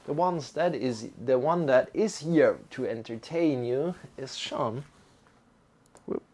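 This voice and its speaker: A man teaching a live-streamed yoga class, giving calm, gentle instructions and greeting viewers in the chat. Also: medium pitch, takes it slowly.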